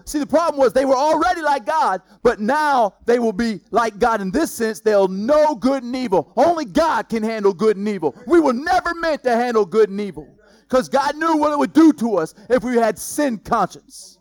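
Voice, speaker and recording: A man preaching a sermon, telling a story in a lively, casual way with slang. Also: very high-pitched, moderate pace, hardly any pauses, no room sound. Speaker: pastor.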